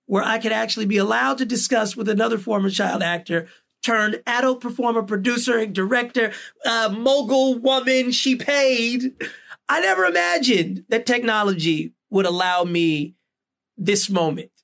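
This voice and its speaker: A podcast host in casual conversation, with a gravelly voice full of vocal fry. He speaks earnestly and stresses his points as he builds them. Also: extremely high pitch, moderate pace, fairly bright tone.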